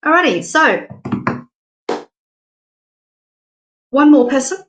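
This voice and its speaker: A middle-aged woman with an Australian accent chats through a spiritual reading on a live stream. Her voice sits at an everyday pitch, and her delivery is frank, affectionate and full of easy laughter. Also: animated, measured pace, creaky, long pauses, fairly bright tone, slight background noise. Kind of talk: casual live-stream chat.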